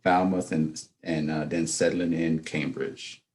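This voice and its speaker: A man with a very low, dark and mellow voice co-hosts a casual podcast. He talks in a laid-back, measured way, leaning on drawn-out fillers. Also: steady tone. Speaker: podcast co-host. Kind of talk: casual chat.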